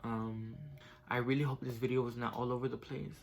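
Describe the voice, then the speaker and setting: A man's voice: mid-range voice, level tone, brisk, a little hiss or hum. A young man casually telling a personal story in a vlog, filling his talk with "like" and "right?", getting emotional and tearful as he goes on. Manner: casual, fills speech with "like" and "right?". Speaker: vlogger.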